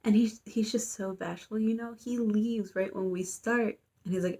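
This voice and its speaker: A woman's voice: medium pitch, fairly even intonation, moderate pace, warm tone. A young adult woman giving a casual, rambling plot recap, full of fillers and little asides. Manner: rambling, filler-heavy, amused. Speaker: YouTuber.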